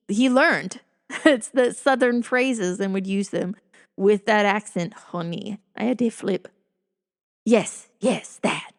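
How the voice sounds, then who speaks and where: Middle-aged woman narrating her own life story, conversational and amused, medium pitch. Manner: amused, chuckling often while telling; conversational with self-corrections and asides. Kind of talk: casual personal storytelling.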